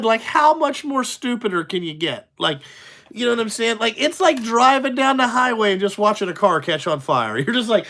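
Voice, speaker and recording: A man's voice: extremely high pitch, sing-song, normal speed, bright, forceful tone. Blunt, cussing truck-driver man. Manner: profane, blunt, exasperated ranting with many fillers; talks in loose run-on asides, asks "you know what I'm saying?". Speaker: truck driver, channel host. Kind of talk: casual ranting vlog.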